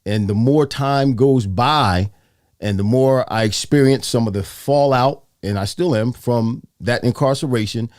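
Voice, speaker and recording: Lively older man hosting a talk show. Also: mid-range voice, unhurried, no room sound, studio quality. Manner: animated, repeats phrases for emphasis. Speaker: host. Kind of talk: casual interview show.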